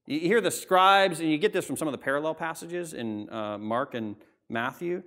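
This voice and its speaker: A pastor preaching a sermon in a church, reading scripture and explaining it in a conversational way with frequent asides. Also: male voice, on the high side, normal speed, fairly bright tone. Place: church sanctuary.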